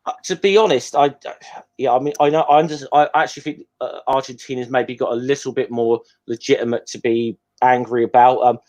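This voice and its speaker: A man's voice: medium pitch, fairly even intonation, a little fast, a little mellow. A man, co-hosting a casual film commentary chat, hesitant and rambling with many ums. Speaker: podcast co-host.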